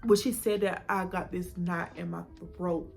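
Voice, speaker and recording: Brief: young woman vlogger, lowish voice, emotional storytelling, faint music under her. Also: fairly even intonation, normal speed, gravelly. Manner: emotional retelling, acting out quoted dialogue, drops to whispers. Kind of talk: personal storytime vlog.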